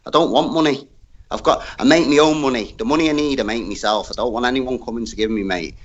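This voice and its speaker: A man talking as a guest on a live chat panel, animated, slangy and full of swearing. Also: medium pitch, quick pace, muffled recording. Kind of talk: casual chat.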